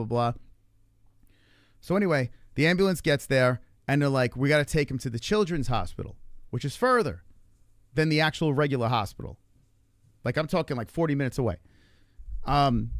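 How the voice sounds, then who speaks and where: A man's voice: medium pitch, dry recording, clean studio sound. A man hosting a livestream, telling a story in casual talk, swearing heavily and acting out what people said, with lots of fillers and restarts. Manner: heavy swearing, fast-tumbling retelling with reenacted dialogue. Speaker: livestream host.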